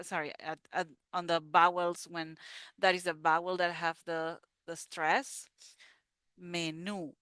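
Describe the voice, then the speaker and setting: A woman teaching beginner pronunciation, very slowly and repeating each word with care. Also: low voice, sharp tone, clear, resonant tone, no echo. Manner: very slow, drawn-out words, repeats each word. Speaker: Spanish teacher. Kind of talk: slow pronunciation lesson.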